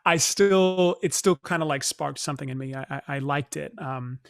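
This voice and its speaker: A young man from Northern California, a stage actor as interview guest, telling stories in a reflective, soft-spoken way with many fillers and restarts. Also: on the high side, normal speed, creaky, no room sound, clean studio sound. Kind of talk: casual interview storytelling.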